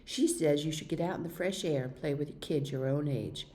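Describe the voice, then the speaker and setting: A woman's voice: deep voice, fairly quick, natural voice. A woman reading aloud, voicing a young boy who taunts and tattles in a children's storybook. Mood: taunting. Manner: shouting, tattling.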